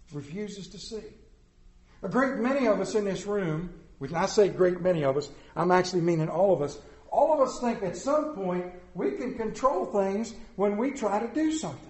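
A middle-aged man preaching a sermon to a room, telling stories and acting out the voices in them. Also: high-pitched. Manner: storytelling, animated, acts out voices in anecdotes. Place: large room with audience. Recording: echoey room.

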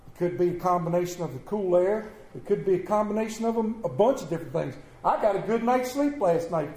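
Folksy preacher, high and echoey. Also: male voice, a little hiss or hum. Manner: folksy storytelling with sudden loud bursts. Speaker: pastor. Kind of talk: sermon. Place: church. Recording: echoey church room.

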